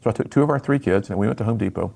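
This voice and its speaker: A middle-aged man, a guest on a radio interview, telling his personal story in an earnest, animated way and acting out the lines he quotes. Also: lowish voice, rapid-fire, creaky. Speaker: radio guest, speaker to students.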